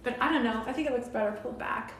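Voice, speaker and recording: A woman's voice: on the high side, rapid-fire, slight background noise. A woman from Arizona and Maui chatting casually and flirtatiously as she cooks on a live stream, greeting viewers by name. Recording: echoey room with loud background music.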